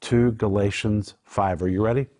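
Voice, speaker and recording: A man's voice: fairly low pitch, steady tone, normal speed, a little mellow. An older man hosting a Bible teaching program, earnest and emphatic as he explains Greek words. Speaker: Bible teacher and show host.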